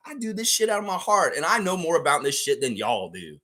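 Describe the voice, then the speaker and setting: A man on his own fan sports stream delivers a profane, heated rant, his voice swinging wildly between low grumbles and sharp high jumps. He speaks a touch higher than most men, hammering every point with emphatic exasperation. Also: brisk, few pauses. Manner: excitable, emphatic. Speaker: host of a fan basketball show. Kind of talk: live sports preview rant.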